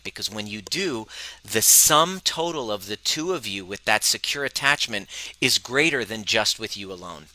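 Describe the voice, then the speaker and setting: A man with a very bright, forceful voice talks casually to his audience as a personal growth coach. He is blunt and profane and often breaks into laughter. The sound is close and dry. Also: fairly low pitch, no room sound, low-quality recording. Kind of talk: casual live talk to an audience.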